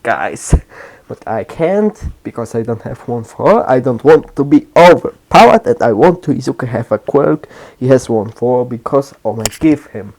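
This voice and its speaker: A man spins an improvised fan story at an unhurried, slow pace, rambling and stopping to correct himself. His pitch sits at an ordinary middle level. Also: a little mellow. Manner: rambling, halting, with restarts and self-corrections.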